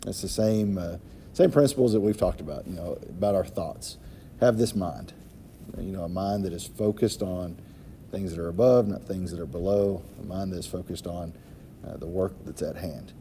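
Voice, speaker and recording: Mellow, low-voiced man in Bible study. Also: normal speed, a little hiss or hum. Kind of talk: casual group Bible study discussion.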